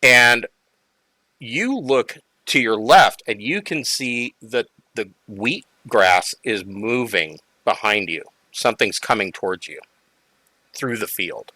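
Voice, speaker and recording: A man running a tabletop game as game master, narrating scenes in a relaxed, halting way with frequent fillers. His voice is bright and clear, and the recording is close and dry. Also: on the low side, dry recording, rough recording.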